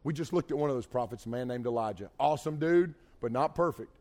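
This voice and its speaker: A middle-aged man preaching a sermon, folksy and animated, with jokey asides. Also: medium pitch, fast. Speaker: pastor. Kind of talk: sermon with storytelling.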